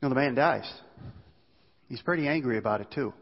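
A man's voice: medium pitch, fairly quick, breathy edge. A male preacher giving a sermon, telling stories in a conversational way and asking the listeners rhetorical questions. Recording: long hall reverb, dull sound.

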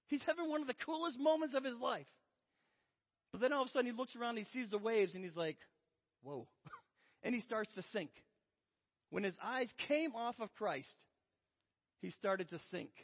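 Male pastor in a church, high voice, joking storyteller, lo-fi recording. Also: slightly rough. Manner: storytelling, self-deprecating humor. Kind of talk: sermon. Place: church sanctuary. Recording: lo-fi with long hall reverb.

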